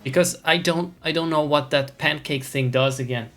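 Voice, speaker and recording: A man's voice: on the high side, moderate pace, a bit bright, faint music behind. A man streaming a video game, chatting with viewers in a rambling, wry way, swearing and putting on mock-imperious airs. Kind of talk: casual gameplay chat with viewers.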